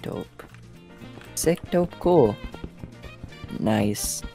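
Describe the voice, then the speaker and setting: A young woman chatting casually during an online game, excitable, pleading and shouting callouts. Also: a bass voice, very slow, faint music behind. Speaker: gamer. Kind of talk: casual gaming chat.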